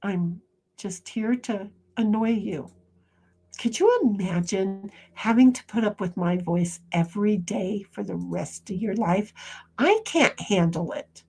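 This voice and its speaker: A woman live streamer chatting casually and reading viewer comments aloud, rambling with frequent restarts and soft trailing asides. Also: mid-range voice, a little slow, gravelly, husky.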